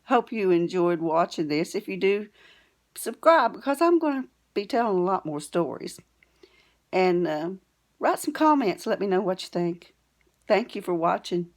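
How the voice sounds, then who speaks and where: A woman's voice: fairly low pitch, lively intonation, normal speed, darkish tone. Older great-grandmother, homespun storyteller. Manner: plain-spoken, homespun country phrasing. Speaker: storytelling vlogger. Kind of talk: folksy storytelling to camera.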